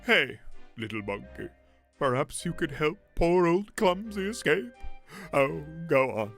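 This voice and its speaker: A man voicing a weepy gentle giant crocodile. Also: a little high, very animated, unhurried, gravelly, faint music behind, full character voice. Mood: pleading. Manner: soft, pleading, sniffly. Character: big gentle weepy male crocodile prisoner. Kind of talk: reading game dialogue aloud in voice.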